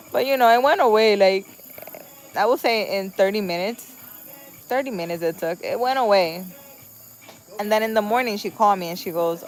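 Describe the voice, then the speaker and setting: A woman's voice: medium pitch, fairly quick, poor audio. A young woman, a spiritual healer, telling a story in a casual, chatty way. She repeats her phrases and acts out the voices in her retelling. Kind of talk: casual late-night storytelling.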